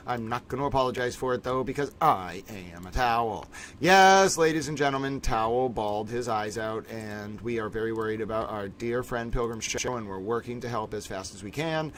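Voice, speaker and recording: A man's voice: mid-range voice, a little hiss or hum. A man hosting a casual livestream, chatting playfully and theatrically with his viewers. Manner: playful, theatrical, repeatedly addresses viewers as ladies and gentlemen. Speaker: livestream host.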